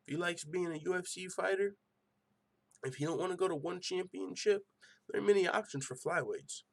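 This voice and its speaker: Fired-up, profane man hosting an MMA show. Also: fairly high pitch. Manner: animated, profane, excitable rants. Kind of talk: casual podcast commentary.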